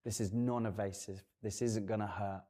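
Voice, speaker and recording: Earnest low-voiced hairdresser man. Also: steady tone, moderate pace, dark tone. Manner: earnest, explains at length with fillers. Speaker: guest hairdresser and salon owner. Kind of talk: casual studio interview.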